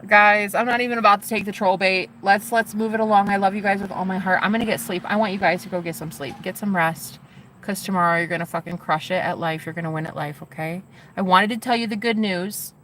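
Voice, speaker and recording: A woman live streamer chatting casually with her viewers, gushing and excitable, with casual swearing. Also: medium pitch, brisk, a little hiss or hum.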